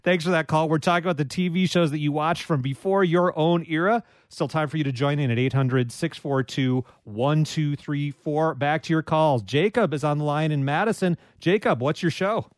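A man hosting a radio call-in show, chatting casually with callers and making quick, self-deprecating remarks. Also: a little high, no room sound. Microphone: studio microphone.

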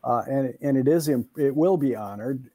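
A man's voice: mid-range voice, moderate pace, mellow, no room sound. A male expert guest on a call-in program who explains legal and medical matters with wry asides and frequent stammering restarts. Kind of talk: expert advice on a call-in show.

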